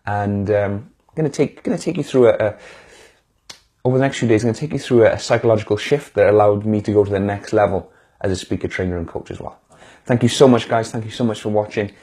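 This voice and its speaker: Male motivational speaker, live stream; warm, encouraging, speaks straight to viewers; slightly raspy. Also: on the low side, fast talker. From United Kingdom. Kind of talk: live-streamed casual pep talk.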